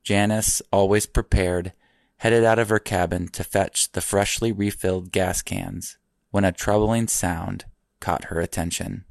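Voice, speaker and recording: Deep gravelly male documentary narrator. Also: fairly even intonation, measured pace, no echo, clean studio sound. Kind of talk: scripted narration.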